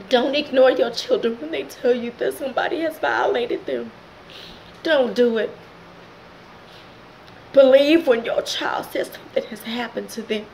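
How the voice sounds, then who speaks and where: Host, woman, middle-aged, emotional testimony, slightly high voice, faint background hiss. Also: darkish tone, low-quality recording. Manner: emotional, direct address to viewers. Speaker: channel host. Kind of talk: personal testimony vlog.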